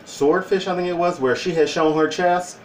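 A man's voice: high voice, steady tone, normal speed, roomy sound, recorded from a distance, slight background noise, rough recording. A man talking casually in a joking opinion vlog, with playful asides and put-on voices. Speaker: vlogger.

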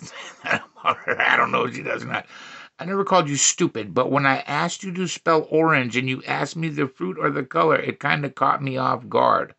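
Gravelly, bright-voiced crude comic man. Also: mid-range voice. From Milwaukee, USA. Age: 40s. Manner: profane, mocking, quick asides. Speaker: comedy vlogger. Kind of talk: crude comic riffing on dating profiles.

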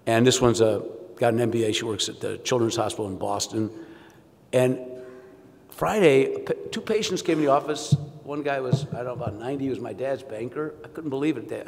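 Wry man with a gravelly voice in a hall. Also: mid-range voice. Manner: wry, self-deprecating storytelling. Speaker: orthopedic surgeon giving keynote. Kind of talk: anecdotal keynote speech. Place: conference hall. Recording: long hall reverb.

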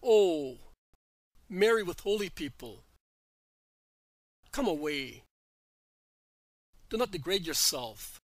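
A mocking, scornful woman in a read-aloud religious tale, voiced by a man. Her words come out in a slightly high, dry, close voice. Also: lively intonation, takes it slowly, long pauses, dry recording, exaggerated voice.

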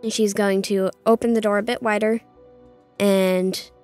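A woman's voice: mid-range voice, steady tone, measured pace, a little mellow, faint music behind. A woman playing a tabletop game, speaking casually and hesitantly, asking questions. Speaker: player.

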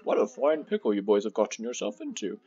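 A man's voice: fairly low pitch, very animated, quick pace, dark tone, slightly rough, highs cut off, exaggerated voice. A man doing a wise old kettle elder. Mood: earnest.

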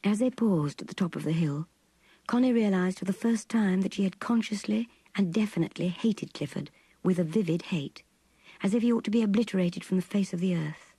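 An older woman narrating a classic novel in an intimate, breathy half-whisper. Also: medium pitch, a little fast, warm tone, no echo. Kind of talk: audiobook reading of a classic novel.

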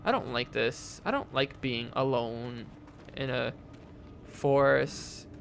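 Jittery young man with a gravelly voice. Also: medium pitch, slow, fairly bright tone, a little hiss or hum. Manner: jumpy, nervous chatter with frequent fillers and frightened exclamations. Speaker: gaming YouTuber. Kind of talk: horror game let's play commentary. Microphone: desk mic with face cam.

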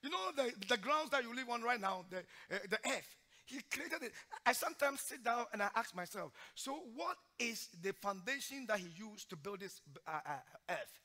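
A male pastor preaching a sermon in church, swinging from loud, forceful exhortation to hushed, emotional storytelling. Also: very high-pitched, lively intonation. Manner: sings hymn lines slowly during the sermon.

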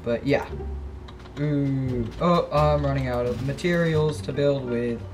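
A young man giving casual, excitable commentary over his own gameplay, gasping and yelping when startled. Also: mid-range voice, takes it slowly. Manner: jumpy, excitable, yelps and gasps when startled. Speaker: gaming channel host.

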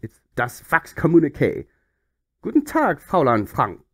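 A man's voice: on the high side, huge pitch swings, normal speed. A man voicing a pompous male German club official with a put-on German accent, stiff and formal.

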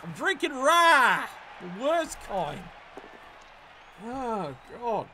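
A man commentating a tabletop-style video game match casually, excitable and profane, stammering when worked up. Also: very high voice, very slow, slight background noise.

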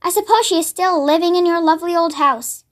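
A woman doing an eager clever little girl. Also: brisk. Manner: high, eager child voice. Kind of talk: read-aloud storybook acting.

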